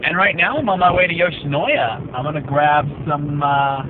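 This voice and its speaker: A man's voice: on the high side, normal speed, noisy background. Rambling man vlogging from his car. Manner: rambling, self-mocking, jokey asides. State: slightly worn voice. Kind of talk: casual vlog monologue. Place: inside a car while driving. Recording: tinny phone-like car recording.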